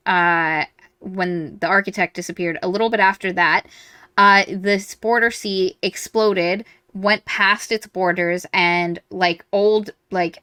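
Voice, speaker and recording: Bright, lively woman talking books. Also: mid-range voice, clear, resonant tone, dry recording. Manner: animated, acts out quoted reactions, swears freely. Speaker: podcast co-host. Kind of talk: casual book discussion.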